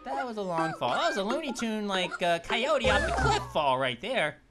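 A performer voicing an upbeat, goofy male cartoon grape who hosts a let's play with excitable, punning commentary and yelps. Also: mid-range voice, moderate pace, natural voice. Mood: goofy excited. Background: background game music.

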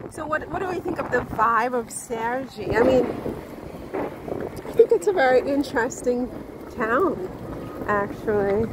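Woman vlogging on the street, high-ish voice, talks slow, noisy wind and traffic behind. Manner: rambling, animated, restarts and asides. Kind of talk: casual vlog talk to camera. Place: outdoors on town streets.

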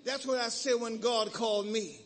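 A male preacher leading a call-and-response sermon in a church, swinging from loud shouts to hushed prayer. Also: very high voice, steady tone, normal speed. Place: church sanctuary.

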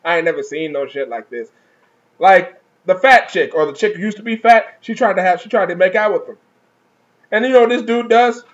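A man's voice: high voice, a little fast, highs cut off. A man giving a casual, profane, mocking comic review, laughing often at what he describes. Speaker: manga reviewer.

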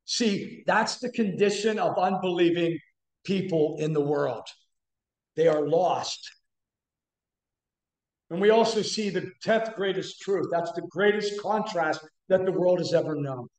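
High-voiced man preaching in an echoey church. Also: measured pace, darkish tone. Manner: preaching with rising emphatic bursts. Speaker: guest preacher. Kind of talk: sermon. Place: church sanctuary.

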